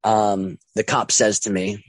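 Young guy telling a story, lots of ums n restarts, kinda low voice, dry close mic. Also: little pitch movement, no echo. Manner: halting, many ums and restarts, acts out quoted voices. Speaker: storyteller recounting his own story. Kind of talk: casual first-person storytelling.

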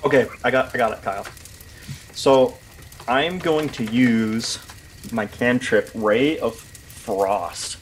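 A man's voice: mid-range voice, takes it slowly, a little hiss or hum. A man playing a tabletop game, describing his moves hesitantly and searching for words. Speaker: player.

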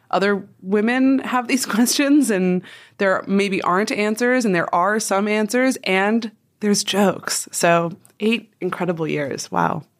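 A woman comedian giving a chatty, self-deprecating recorded message, laughing as she talks. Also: medium pitch.

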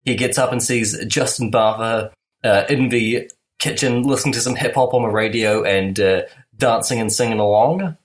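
A man co-hosting a film podcast, retelling a movie scene in a casual, deadpan and wry way. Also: mid-range voice, moderate pace, low-quality recording.

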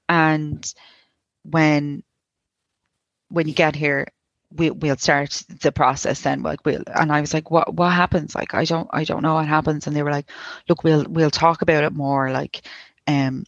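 Gravelly Irish woman recounting a loss. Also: sits low, steady tone, no room sound, highs cut off. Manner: halting, many restarts and likes, quoting others. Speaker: guest sharing a personal story. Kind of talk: emotional personal account.

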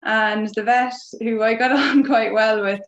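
A woman's voice: a little high, fairly even intonation, unhurried, highs cut off. An Irish woman, a guest on a podcast, telling a story casually with many fillers and restarts. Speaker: guest equine veterinary nurse.

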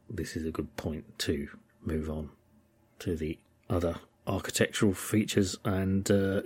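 A man's voice: extremely low pitch, a little mellow, husky. An English man hosting a history podcast, talking through the topic in a thoughtful, rambling way with many ums and uhs. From England. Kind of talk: informal history commentary.

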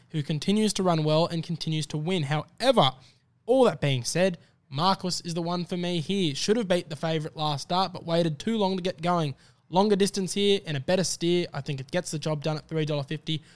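A man's voice: high voice, a little fast. Upbeat Australian man tipping horse races. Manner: upbeat, confident tipster banter. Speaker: podcast co-host tipping races. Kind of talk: casual racing tips chat.

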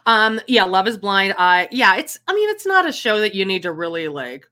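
A woman co-hosting a podcast over a video call, chatting casually and animated, often laughing and trailing off mid-sentence. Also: medium pitch, moderate pace. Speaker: podcast co-host. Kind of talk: casual chat.

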